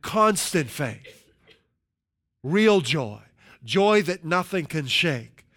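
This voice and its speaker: Emphatic preacher with a fairly high voice. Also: male voice, big pitch swings, a bit bright. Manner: emphatic, slows for scripture quotes, asks "right?" often. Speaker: pastor. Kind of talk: sermon.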